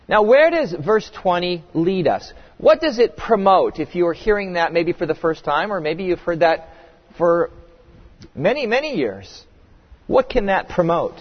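A man's voice: on the high side, expressive, measured pace. A male pastor preaches in a slightly raised voice, pressing his points home with emphatic rhetorical questions. His voice rings with long reverb through a church sanctuary. The recording sounds a little muffled. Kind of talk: sermon.

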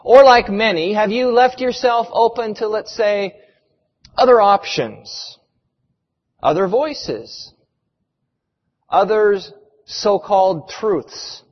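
A man preaching a sermon, retelling a story with dramatic, emphatic pauses. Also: sits high, expressive. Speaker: pastor. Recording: reverberant hall, muffled sound.

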